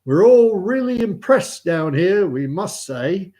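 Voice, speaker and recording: A man voicing a pompous school chaplain leading a prayer, booming and drawn out. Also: very animated, slow, mellow, full character voice.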